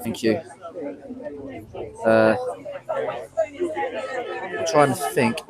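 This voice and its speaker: A man's voice: mid-range voice, very slow, poor audio. An English man hosting a casual outdoor livestream, chatting and greeting viewers by name. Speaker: livestream host. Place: outdoors at a street protest. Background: crowd.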